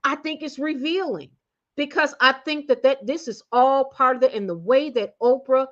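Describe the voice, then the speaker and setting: A woman hosting a casual opinion commentary, talking in slang, meandering through fillers and restarts and swinging between loud outbursts and muttered asides. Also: sits high, moderate pace, lo-fi sound. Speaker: commentary channel host.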